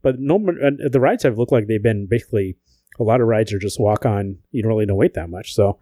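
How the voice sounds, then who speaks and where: A man's voice: on the low side, fast talker, no room sound. A man co-hosting a podcast in casual chat, joking and swearing as he tells stories. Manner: profane, joking, animated storytelling. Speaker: podcast co-host.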